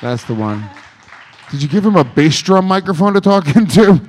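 A man's voice: high voice, very animated, moderate pace, a little mellow, slight background noise. A man hosting a live podcast show on stage, emceeing with brash, crude jokes at the crowd.

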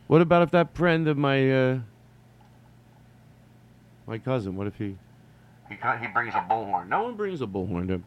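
A man's voice: lowish voice, animated, normal speed, pauses often. Rambling, chatty man talking alone. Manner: digressive, chatty, swears casually, many fillers. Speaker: vlogger. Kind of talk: rambling solo monologue.

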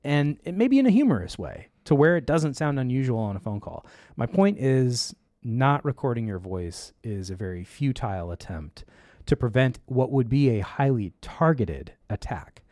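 A man's voice: mid-range voice, normal speed, dry recording, studio quality. A man hosting a casual tech talk show, telling stories and acting out the voices in them. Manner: animated storyteller, acts out quoted voices.

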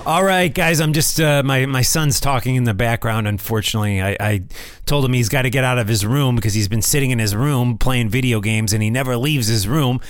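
A man's voice: mid-range voice, brisk. A man hosting his own podcast in a casual solo talk from a room at home, chatty and loose, often repeating himself and calling listeners "man". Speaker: podcast host. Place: room at home with family nearby.

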